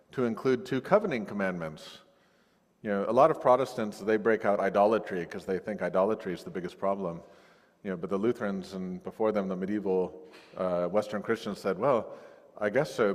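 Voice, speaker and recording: A male pastor giving a sermon in a conversational, lively way, recorded over a video call. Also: fairly low pitch, long reverb tail. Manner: conversational, animated when acting out quoted voices. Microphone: recorded via video call.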